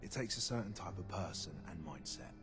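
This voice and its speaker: A prickly ghoul gun merchant speaks with a British accent in a very deep register. His replies are short and guarded. Game music plays steadily behind his lines. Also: lively intonation, fairly quick. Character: curt, prickly ghoul ammo merchant, a grown man. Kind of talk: video game dialogue.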